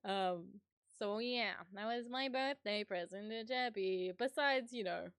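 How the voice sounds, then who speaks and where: A woman's voice: mid-range voice, measured pace, fairly bright tone, smooth, dry recording, studio quality. A woman streamer casually telling stories to her chat, rambling with lots of ums and frequent laughter. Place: home streaming setup.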